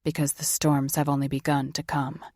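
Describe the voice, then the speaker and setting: Woman doing a wry, lowered young man. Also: flat delivery, moderate pace, darkish tone, dry recording, studio quality.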